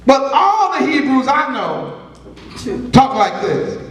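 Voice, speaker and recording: A man with speech preaches to a congregation in a high, unhurried voice. He draws out his words and breaks into shouts now and then. He stands away from the mic in a very echoey room. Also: big pitch swings, distant mic, slight background noise. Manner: call-and-response preaching, swells to shouts. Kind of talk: sermon.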